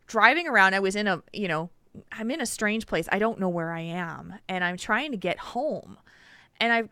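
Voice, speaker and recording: Bright, crisp-voiced woman podcast host. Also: mid-range voice, no room sound, studio quality. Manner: animated storyteller, laughs often. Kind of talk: casual podcast chat.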